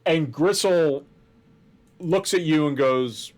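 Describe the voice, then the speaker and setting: Slow, deliberate game master man. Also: fairly high pitch, slight background noise. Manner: deliberate, descriptive. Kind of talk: narrating a tabletop game.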